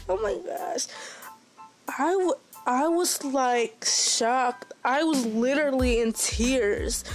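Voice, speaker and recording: Slow, gushing young woman. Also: fairly high pitch. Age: young adult. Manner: repeats "oh my gosh", halting restarts. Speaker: recent high school graduate. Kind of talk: casual personal update.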